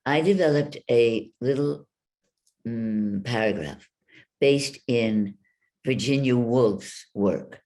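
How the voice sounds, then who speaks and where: Very deep and dark in tone, this woman's voice carries her online workshop as a voice coach. She explains sounds over a video call and models them in a demonstrative way, drawing her examples out.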